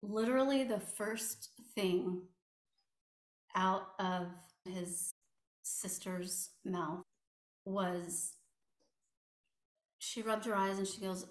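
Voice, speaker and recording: A woman recounting a painful personal story as an interview guest, halting and full of fillers and restarts. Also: mid-range voice. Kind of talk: personal testimony. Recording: echoey room.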